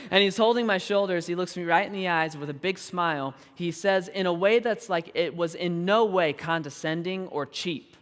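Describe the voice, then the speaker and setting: A man in his thirties preaching a sermon, telling a personal story in an animated, self-deprecating way and laughing often. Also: high voice, normal speed, long reverb tail. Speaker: pastor. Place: large church auditorium.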